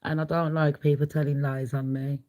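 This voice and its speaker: A woman's voice: sits low, flat delivery, moderate pace, darkish tone, poor audio. A middle-aged woman hosting a casual livestream, chatty and blunt, laughing often. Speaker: livestream host.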